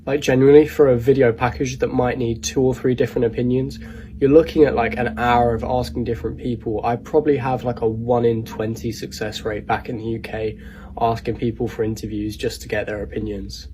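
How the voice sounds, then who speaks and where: A man's voice: mid-range voice, flat delivery, brisk, mellow, slight background noise. A man who works as a reporter, talking earnestly in a casual vlog.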